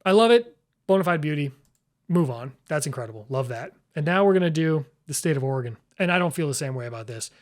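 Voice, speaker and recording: A man talks his way through a flag ranking in a casual, playful manner. His voice sits at an ordinary middle pitch. He breaks into bursts of excitement and chuckles as he goes. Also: fast, few pauses. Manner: playful, exclamatory, chuckles often. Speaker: YouTube host. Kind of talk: casual commentary ranking flags.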